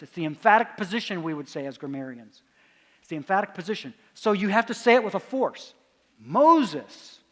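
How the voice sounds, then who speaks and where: High-voiced man lecturing in a reverberant hall. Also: a bit bright. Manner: asks the audience quiz questions and answers them himself. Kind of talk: conference lecture with audience questions.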